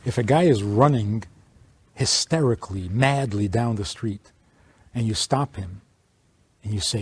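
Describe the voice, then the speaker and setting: A man, a rabbi, giving an informal teaching talk to a small audience, speaking in an animated way and acting out little dialogues. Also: fairly low pitch, a little slow, pauses often, slightly rough, no room sound. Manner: animated, plays out dialogues, chuckles.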